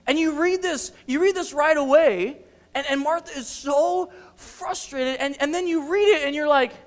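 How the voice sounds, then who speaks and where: A man's voice: very high-pitched, a little fast, long reverb tail. A man who is a youth ministry director, preaching a casual, chatty sermon in a church and acting out the story. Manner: chatty, animated, full of filler words. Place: church sanctuary.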